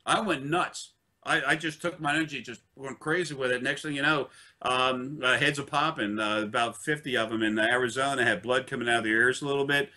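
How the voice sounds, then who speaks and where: A man telling a long personal story in casual speech, halting often with fillers and restarts and swearing bluntly. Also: medium pitch, sharp tone. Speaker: interviewee.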